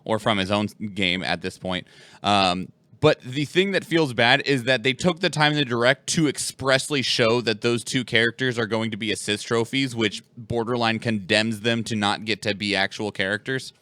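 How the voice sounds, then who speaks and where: A man's voice: fairly low pitch, moderate pace, pushed and bright, dry recording. A man co-hosting a podcast in casual chat, rambling with lots of fillers and laughs. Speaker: podcast co-host.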